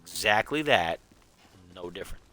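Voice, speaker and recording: A man's voice: low-pitched, animated, moderate pace, sharp tone. A man streaming a game, chatting casually in a goofy, rambling way and chuckling at his own jokes. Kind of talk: casual live gameplay chat.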